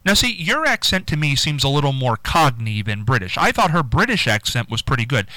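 A man's voice: mid-range voice, big pitch swings, a little fast, bright, forceful tone, no room sound. A man hosting a morning call-in radio show, talking in a playful, chatty way. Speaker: radio host. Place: radio studio.

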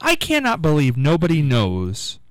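Joking radio host, fairly high voice. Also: male voice, huge pitch swings, measured pace, no room sound, rough recording. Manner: joking, teasing banter. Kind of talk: casual live radio chat.

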